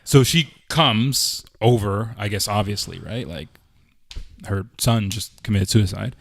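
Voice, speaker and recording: A man's voice: on the low side, a little slow, vocal fry, dry recording, studio quality. A man co-hosting a podcast, telling a story in a loose, rambling way full of "like" and "I'm like". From Canada. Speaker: podcast co-host. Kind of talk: casual podcast chat.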